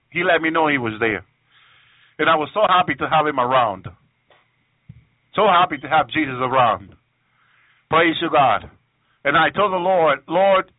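A man's voice: a little high, no room sound, narrow, tinny audio. A man giving an emotional testimony sermon, often stopping to praise God and restarting his sentences. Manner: emotional, repeats praise phrases, halting restarts. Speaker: preacher on a radio program.

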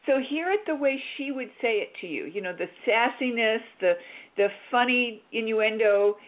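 A woman hosting a radio show, coaching a caller with lively, directive talk and acting out little scenes. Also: on the high side, normal speed, phone-quality sound. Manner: directive and animated, plays out scenes. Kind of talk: on-air coaching chat.

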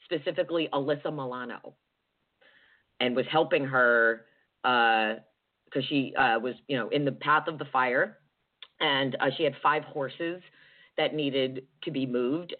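A woman hosting a political talk show, talking earnestly and getting emotional as she comments. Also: unhurried. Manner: emotional, earnest, wide pitch swings. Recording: tinny phone-like audio.

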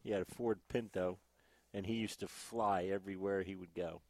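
A man's voice: low voice, steady tone, normal speed, no echo. A man telling a story in a casual, matter-of-fact way on a podcast recorded in a gym. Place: gym, inside a fighting cage.

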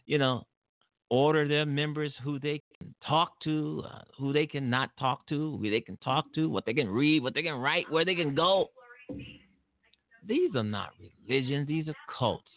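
A man's voice: fairly high pitch, steady tone, moderate pace, dry recording. A man hosting an internet radio show, giving an indignant, rambling monologue over a phone line. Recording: tinny dry phone-line audio.

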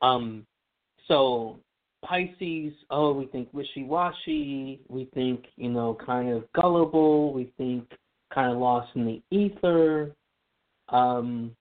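A man's voice: mid-range voice, expressive, slow pace. A man explaining astrology in casual radio talk, chatty, with many fillers and restarts. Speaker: astrology guest. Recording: tinny phone line.

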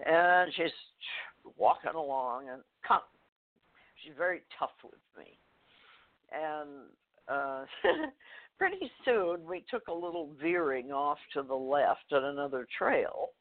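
An older woman, a guest author, telling a personal story in a phone interview, halting, with fillers, restarts and soft laughs. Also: low-pitched, sing-song. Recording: tinny phone line.

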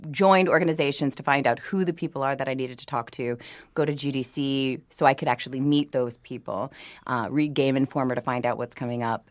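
A woman's voice: rumbling low, dry recording, studio quality. A woman from New Orleans, a voice actor guest in a casual interview, tells stories animatedly, laughs often and restarts sentences.

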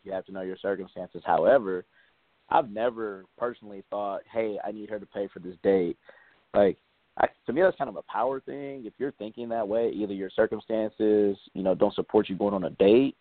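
A man in casual podcast chat, giving measured, reflective opinions. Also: on the low side, no room sound. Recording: tinny phone-like sound.

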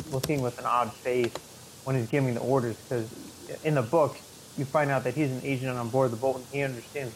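A man's voice: medium pitch, darkish tone, a little hiss or hum, rough recording. A man co-hosting a podcast, talking casually about a movie in a rambling way, with many fillers and restarts. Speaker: podcast co-host. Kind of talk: casual movie review chat.

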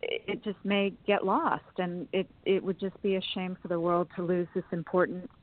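A woman's voice: on the low side, level tone, normal speed. A woman being interviewed, telling long personal stories in a chatty way and laughing often. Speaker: interview guest. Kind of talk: storytelling in a phone interview. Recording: phone-line sound.

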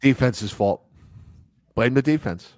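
A man co-hosting a sports radio show, his voice swinging up and down lively as he trades sarcastic banter. The sound is dry and close, with no room around it. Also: mid-range voice, slow pace, no echo. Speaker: co-host. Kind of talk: casual sports radio chat.

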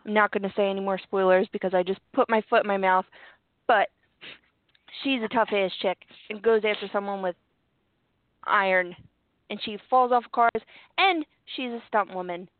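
A woman's voice: medium pitch, normal speed, pauses often, dry recording. Chatty woman on a tinny line. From Philadelphia. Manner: animated, laughs often, chatty. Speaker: co-host. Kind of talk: casual chat. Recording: tinny phone-like line, dry.

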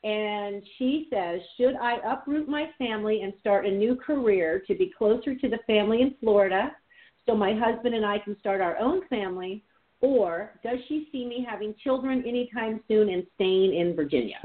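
A woman's voice: mid-range voice, normal speed. A woman hosting a talk show, chatty and enthusiastic, reading listener questions. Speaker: radio show host. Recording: tinny phone-line sound.

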